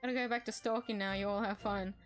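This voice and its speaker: A woman's voice: medium pitch, fairly even intonation, fast. A woman streaming a courtroom game and chatting playfully, with frequent giggles and teasing asides. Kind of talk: casual game commentary. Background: faint background music.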